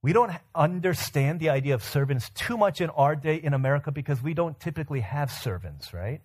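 A man's voice: a little high, expressive, brisk, husky. A man preaching a sermon as pastor, telling an everyday story and asking the congregation rhetorical questions.

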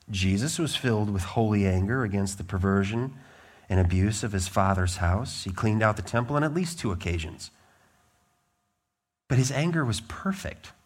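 Emphatic male pastor preaching. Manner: emphatic, lively pitch swings, blunt asides. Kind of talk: sermon.

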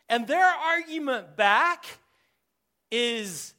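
A male pastor preaching a verse-by-verse sermon, animated and joking as he speaks to his congregation. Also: high voice, measured pace.

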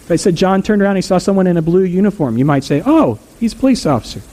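A man's voice: high voice, animated, very fast, dark tone, poor audio. A man preaching a sermon as a pastor, talking conversationally and asking the congregation questions.

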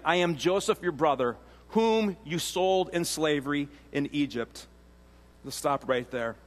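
A man with a notably high voice preaches in a big church auditorium, and his words ring out with a long reverb tail. He teaches in an easygoing, conversational way, stopping to restart phrases and to toss in asides to the congregation. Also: fairly bright tone. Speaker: pastor. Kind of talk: sermon. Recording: long reverb of a large hall.

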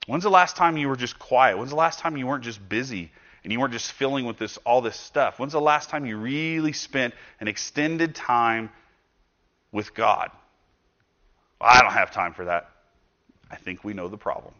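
On a dull, lo-fi recording, a pastor with a bright, forceful, medium-pitched voice preaches expressively at normal speed. He addresses listeners conversationally, poses rhetorical questions, and acts out quoted speech with sudden loud bursts.

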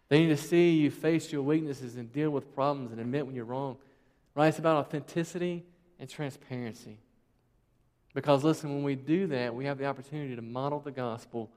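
A man's voice: medium pitch, darkish tone. Man preaching in a reverberant hall. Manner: conversational and emphatic, rhetorical questions. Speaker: pastor. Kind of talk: sermon. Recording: long reverb of a large hall.

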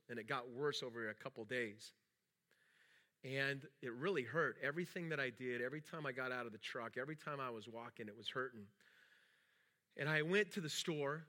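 A man's voice: mid-range voice, pushed and bright. A middle-aged man, a pastor, preaching a sermon in a rambling storytelling way with many restarts. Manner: acts out quoted dialogue in a raised voice.

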